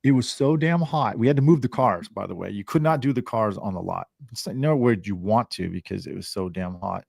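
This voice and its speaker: A man, a podcast guest, telling a lively and casual story, swearing and acting out the voices of the people in it. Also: lowish voice, fairly quick, vocal fry, few pauses, no echo, clean studio sound. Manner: animated, swearing, acts out voices.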